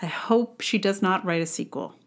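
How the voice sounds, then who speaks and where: A podcast host with a lowish, animated voice reviews a book at a moderate pace in a casual monologue. She rants with sarcastic passion, dropping wry asides and conversational fillers.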